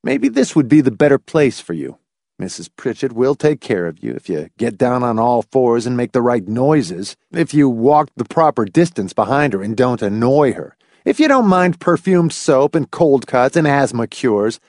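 A man's voice: mid-range voice, sing-song, moderate pace, darkish tone, no echo, studio quality. A man voicing a blunt, sardonic grown man who lectures in a wry, cutting way.

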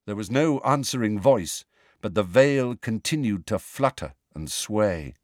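A man narrating a storybook in a hushed, suspenseful way. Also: lowish voice, lively intonation, a little slow, no room sound, clean studio sound. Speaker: audiobook narrator.

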